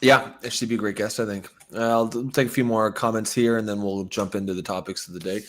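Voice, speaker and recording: A man's voice: lowish voice, fairly even intonation, quick pace, a bit bright. A man co-hosting a political talk show, talking bluntly and profanely with many stammered restarts. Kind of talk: casual political commentary.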